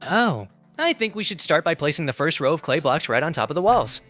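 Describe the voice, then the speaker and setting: A cheerful, polite synthetic AI assistant voice that chats in a smooth, upbeat way. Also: medium pitch, very animated, a little fast, a bit bright, soft background music. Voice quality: smooth synthetic text-to-speech voice. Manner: polite, upbeat, forgetful suggestions. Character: cheerful chatty AI building assistant.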